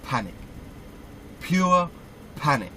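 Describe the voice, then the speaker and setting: A man's voice: a little high, big pitch swings, slow pace, sharp tone, low-quality recording. British truck driver guy telling a story, acts out his own reactions, bit of background noise. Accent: British English. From United Kingdom. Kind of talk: casual storytelling.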